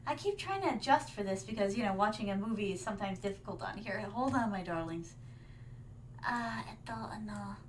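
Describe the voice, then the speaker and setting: A woman's voice: mid-range voice, animated, brisk, slight background noise. A woman streamer reacting live in a theatrical, regal manner, calling her viewers "my darlings" and dropping Japanese fillers. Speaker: vtuber streamer.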